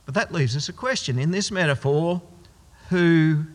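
A man's voice: a little high, normal speed. A man preaching a sermon as pastor, emphatic and posing rhetorical questions he answers himself. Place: church. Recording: long church hall reverb.

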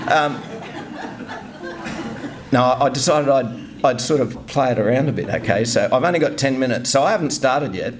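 A man's voice: medium pitch, heavy background noise. A middle-aged man giving an informal, self-deprecating sermon, often restarting his sentences. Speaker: lay preacher.

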